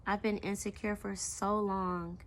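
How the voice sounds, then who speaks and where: A young woman talking slowly and emotionally in a personal confessional vlog, reflective, with soft pauses. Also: mid-range voice, level tone, slight background noise. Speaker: vlogger.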